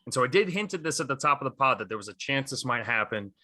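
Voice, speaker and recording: A man's voice: mid-range voice, lively intonation, quick pace, sharp tone, dry recording. A man co-hosting a casual sports podcast, retelling stories with enthusiasm and lots of fillers. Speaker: podcast co-host.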